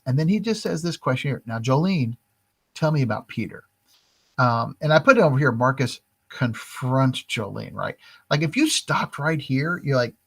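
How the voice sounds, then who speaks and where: A male teacher explains a reading in an easygoing, talkative lesson. He keeps checking in with "right?" and "like," and acts out snippets of what the characters might say. His pitch sits in the middle for a man. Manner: chatty, frequent "right?" and "like", acts out quoted lines. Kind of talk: casual literature lesson walkthrough.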